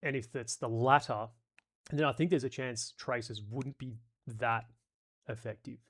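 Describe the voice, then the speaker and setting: A man's voice: medium pitch, steady tone, measured pace, fairly bright tone, breathy edge. Australian male streamer, sweary and exasperated, casual chat-reading delivery. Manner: sweary, exasperated, talks through ideas. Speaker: YouTube host reading live chat.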